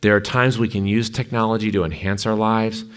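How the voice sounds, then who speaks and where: A very deep-voiced male preacher delivers a sermon. He reads a story aloud with strong emphasis and dramatic pacing. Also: fairly even intonation, brisk, a bit bright, smooth. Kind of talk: sermon with a dramatic book reading.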